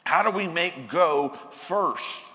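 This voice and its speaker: A pastor preaches slowly in a fairly high, bright, forceful voice, the church sanctuary giving it a big-room sound. Earnest and emphatic, he keeps restarting his phrases.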